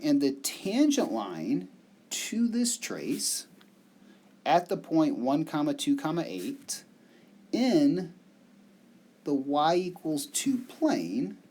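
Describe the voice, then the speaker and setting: A man giving a recorded math lecture, explaining step by step with phrase endings that trail off softly. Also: slightly rough. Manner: slow, explanatory, animated pitch with soft trailing ends.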